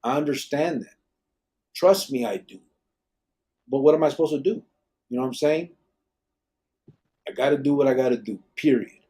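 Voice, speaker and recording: A man's voice: mid-range voice, normal speed, pauses often, dark tone. A man with a blunt, emphatic manner, hosting a live podcast and swearing freely. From Arizona, USA. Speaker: podcast host, former gang member. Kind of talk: live podcast talk, reading viewer comments.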